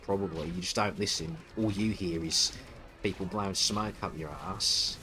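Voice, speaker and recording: A male streamer in the middle of a scornful, profanity-laced rant, tripping over his own words as he doubles back. His voice runs on the low side. Soft music plays behind him. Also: moderate pace. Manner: contemptuous, stuttering restarts, swearing. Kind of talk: ranting stream commentary.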